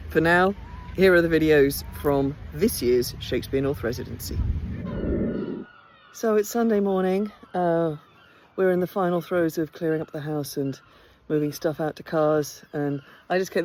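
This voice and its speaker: A woman's voice: deep voice, a little mellow, a little hiss or hum. A tired woman chatting enthusiastically in a casual behind-the-scenes vlog, full of ums and restarts. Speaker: theatre company director. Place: outdoors by a house.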